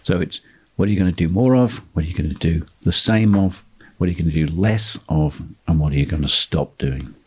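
Speaking fairly quickly in a low, husky voice, this property investment tutor gives a steady instructional monologue. He hammers home his points by repeating key phrases.

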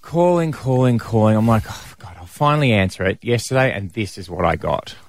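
A man's voice: lowish voice, fairly quick, gravelly, no room sound. A man hosting breakfast radio, telling stories in casual banter. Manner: animated storyteller.

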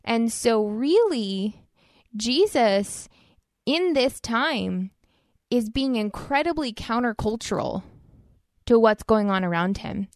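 A woman co-hosting a faith podcast explains Bible verses in an earnest, conversational way during a casual discussion. Her voice is fairly high with lively intonation, and she takes it slowly. The sound is studio quality, with no room sound.

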